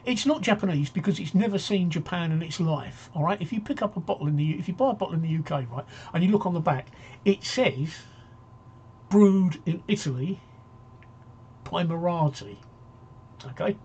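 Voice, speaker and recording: A man's voice: fairly high pitch, expressive, quick pace, a little mellow, a little hiss or hum. Bloke rambling on his home stream reading comments, kinda muffled mic. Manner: chatty, rambling, jokey, reads viewer comments aloud. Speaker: talk show host. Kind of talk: casual live-stream chat.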